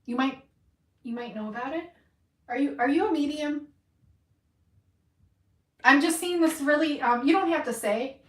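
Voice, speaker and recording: A woman's voice: high voice, normal speed, pauses often, reverberant, recorded from a distance. A woman giving an intuitive reading to a viewer, emphatic and encouraging, swearing freely for emphasis. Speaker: tarot reader.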